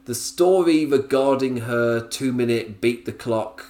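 A man hosts a relaxed solo podcast review, his voice rising and falling in a lively, animated way. He talks in a chatty, rambling style, laughs often and wanders off on tangents before pulling himself back. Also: medium pitch, a little slow, few pauses. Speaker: podcast host reviewing wrestling.

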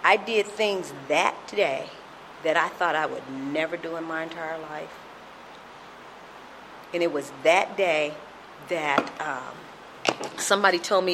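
Middle-aged woman, earnest personal testimony, fairly low voice, faint background noise. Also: slow pace, long pauses. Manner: earnest, storytelling with acted-out quotes. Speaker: speaker sharing a recovery story.

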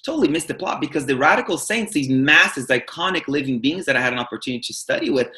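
A man, a spiritual teacher and author, telling his story as a guest in an interview, expressive and animated, often restarting his words. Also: a little high, fast talker.

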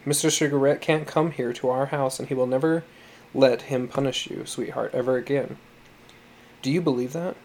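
A man reading the part of a tender, patient foster mother who speaks gently and coaxingly. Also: mid-range voice, steady tone, normal speed, slight background noise, lightly acted. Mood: gentle.

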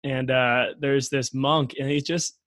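A man's voice: mid-range voice, steady tone, a little slow, a bit bright, no echo. A man hosting a podcast, reacting with easy laughter and enthusiastic, trailing remarks. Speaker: podcast host. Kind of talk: casual interview chat.

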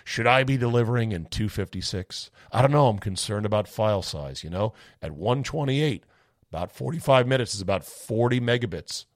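A man's voice: fairly low pitch, lively intonation, fairly quick, no room sound, clean studio sound. A man hosting a podcast in a casual solo chat, reading a listener's email with sarcastic, rambling, profane asides, his voice a bit off. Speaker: podcast host.

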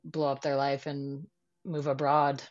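A woman's voice: very deep voice, level tone, unhurried, highs cut off. A woman guest in a casual podcast chat, talking easily with many fillers and quoted asides.

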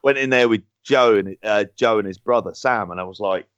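A man's voice: fairly low pitch, fairly quick, clear, resonant tone, dry recording, highs cut off. A man from London co-hosting a podcast, chatting casually with rambling, sweary banter. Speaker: podcast co-host. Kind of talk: casual chat.

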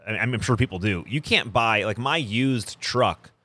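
A man's voice: medium pitch, unhurried, bright, forceful tone, no echo. A man co-hosting a podcast, chatting casually and rambling with many fillers. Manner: rambling, filler-heavy, reacts with short interjections. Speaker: podcast co-host. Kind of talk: casual chat.

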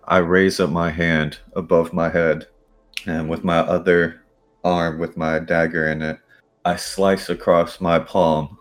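Very deep, slow-speaking male player. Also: level tone, faint music behind. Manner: slow, measured in-character speech. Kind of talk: tabletop role-play.

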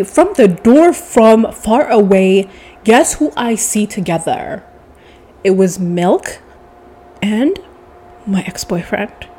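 Sounding congested, a young woman with a husky, medium-pitched voice spins a lengthy story about her own life. Her delivery is loose and lively, full of cursing, and she keeps addressing the listener as baby.

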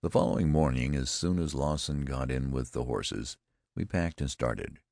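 A man narrating a first-person audiobook in a measured, deliberate storytelling manner on a close microphone. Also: extremely low pitch, vocal fry, darkish tone, dry recording.

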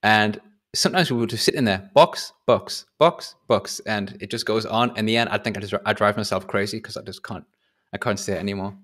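Chatty Northern English man, low voice. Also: fairly even intonation, fast talker, pushed and bright. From Northern England. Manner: chatty, rambling, restarts often. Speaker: podcast host. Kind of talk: casual podcast chat.

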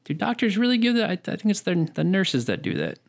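A man's voice: high-pitched, wildly swooping pitch, gravelly. A man in his thirties co-hosting a casual chat show, often stopping and restarting his sentences. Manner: rambling, halting restarts. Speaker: podcast co-host.

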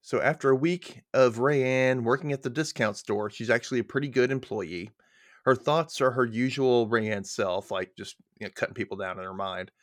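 A man's voice: mid-range voice, moderate pace, no echo, studio quality. A man co-hosting a podcast, casually recapping a story and acting out its quoted lines. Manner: chatty, retells scenes with quoted lines. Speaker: podcast co-host.

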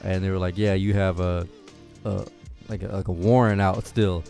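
A man in casual chat, telling a funny story, often laughing and getting loud when he quotes people. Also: deep voice, moderate pace, creaky, soft background music. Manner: laughs while telling stories, animated when quoting others.

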